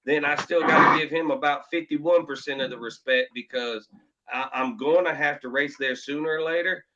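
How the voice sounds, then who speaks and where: Passionate fast-talking racer, bright lo-fi. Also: male voice, fairly high pitch, slight background noise. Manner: emphatic, passionate, repeats himself. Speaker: UMP modified racer. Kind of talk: heated panel debate. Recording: dull lo-fi stream audio.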